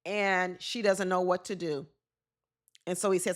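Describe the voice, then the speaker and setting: A woman's voice: fairly low pitch, fairly even intonation, measured pace. A woman giving casual, opinionated commentary on a reality show, often acting out what the cast members said.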